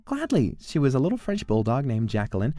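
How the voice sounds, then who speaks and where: A chatty teenage girl with a gushing, emotional way of talking, as a man puts her on. She talks quickly with a lively, swooping lilt and a mellow, dark tone. Background music plays faintly. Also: mid-range voice, no room sound, voice pushed up. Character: chatty teenage girl, soft-hearted daughter. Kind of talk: video game character voice.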